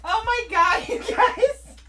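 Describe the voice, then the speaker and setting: A woman's voice: very high voice, bright, forceful tone, slight background noise. A woman co-hosting a casual podcast, talking bluntly and with plenty of swearing. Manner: blunt and profane, quick laughter. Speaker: podcast co-host. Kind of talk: casual chat.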